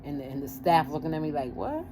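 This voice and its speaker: A woman telling a personal story in casual talk, lively and acting out the voices of family members. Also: deep voice, fast talker, noisy background.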